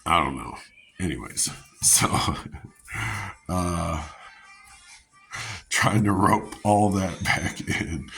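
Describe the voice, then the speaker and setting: A man's voice: low-pitched, vocal fry. A man vlogging, telling a rambling personal story with chuckles, fillers and restarts.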